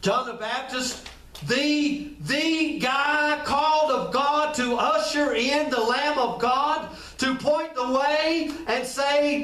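A male preacher with a very high-pitched, pushed and bright voice moves slowly through his sermon. As pastor, he speaks to listeners head-on in a conversational way, repeating phrases often. The sound is distant and echoey.

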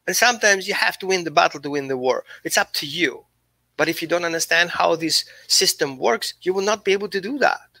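A man's voice: fairly high pitch, brisk, vocal fry, bright, forceful tone, no echo, rough recording. A man teaching as a dog behaviorist, speaking earnestly and voicing what the dog thinks, with slightly non-native phrasing. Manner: non-native phrasing, searches for English terms. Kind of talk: informal training talk.

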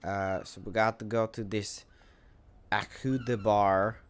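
A man streaming his first playthrough of a video game, chatting casually, reading viewer messages aloud and thinking out loud with plenty of fillers. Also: lowish voice, fairly even intonation, slow. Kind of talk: casual gameplay commentary.

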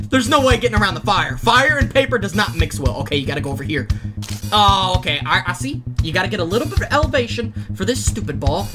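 A man hosting a gaming channel, giving let's play commentary in excitable, slangy banter that breaks into yelps and shouts at near misses. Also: high-pitched, brisk. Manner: self-hyping, slangy banter. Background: game music.

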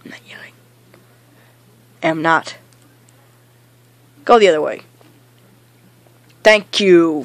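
A woman doing a comedic gaming rant, bossy and exasperated, shouting directions at a teammate while insisting she is not yelling. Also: sits low, slow pace, long pauses, no echo. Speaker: gamer in a comedy skit.

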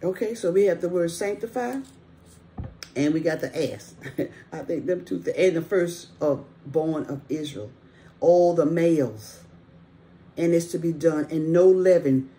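A woman's voice: fairly low pitch, normal speed, mellow. A middle-aged woman teaching the Bible in a casual, earnest way, often breaking in with praise and checking in with her listeners. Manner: earnest, exclaims "thank you, Jesus" often; conversational, with frequent "okay?". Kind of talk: informal Bible study teaching.

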